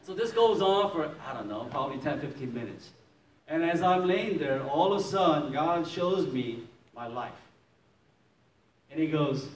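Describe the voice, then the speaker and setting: A man from Maryland preaches his testimony with lively storytelling, acting out scenes and laughing often. His voice sits at an ordinary pitch and sounds a little far from the microphone. The church hall adds a roomy echo over a faint hiss. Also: moderate pace. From Maryland, USA. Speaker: pastor. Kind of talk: testimony sermon. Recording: roomy echo, distant mic, faint noise.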